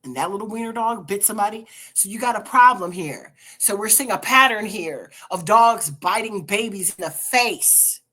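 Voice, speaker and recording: Husky, bright-voiced woman giving sassy commentary. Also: mid-range voice, moderate pace, hardly any pauses. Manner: animated, sassy commentary with sudden loud outbursts. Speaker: host. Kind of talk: reading aloud and reacting to online posts.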